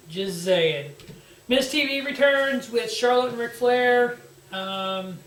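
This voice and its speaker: A man's voice: high voice, a bit bright. A man hosting a wrestling review show, giving a blunt, sarcastic casual recap and swearing freely. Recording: roomy echo, distant from mic.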